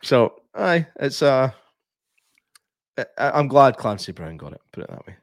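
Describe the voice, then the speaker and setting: A man's voice: mid-range voice, big pitch swings, normal speed, no room sound. Dry-sounding chatty Scottish man. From Scotland. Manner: chatty, laughs often, many fillers and restarts. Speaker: podcast co-host. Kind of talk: casual film chat.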